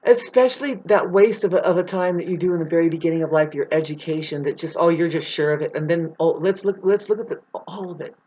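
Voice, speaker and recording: A woman's voice: sits low, fairly even intonation, fast, few pauses, husky. A woman vlogging a rambling spiritual monologue, swearing freely and growing irate as she talks. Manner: profane, grows irate and loud. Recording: dull lo-fi recording.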